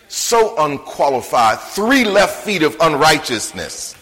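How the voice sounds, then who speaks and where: High-voiced preacher in a reverberant hall. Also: male voice, expressive, a little slow. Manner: emphatic, swings from shouted lines to hushed ones. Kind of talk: sermon. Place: church sanctuary.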